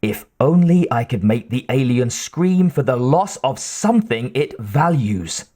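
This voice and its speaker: A man's voice: medium pitch, big pitch swings, a little slow, warm tone. A man voicing an obsessed male composer with an intense, brooding manner.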